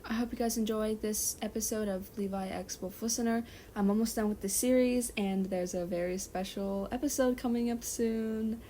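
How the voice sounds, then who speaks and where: Mellow-voiced woman reading fan fiction. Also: mid-range voice, fairly even intonation, normal speed, few pauses, slight background noise. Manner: self-correcting, apologizes for slips.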